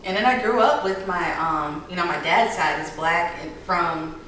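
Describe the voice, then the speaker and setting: A woman raised in the southern United States co-hosts a casual podcast, thinking out loud with plenty of fillers. Her voice is on the low side and moderately paced. The room is very echoey, the mic is far off, and there's a faint hiss.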